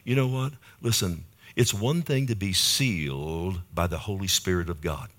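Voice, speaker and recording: A man preaching a sermon with rhythmic repetition and frequent calls to the congregation, dropping to hushed phrases and rising to loud emphasis. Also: normal speed. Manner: swings between low hushed phrases and sudden loud emphasis.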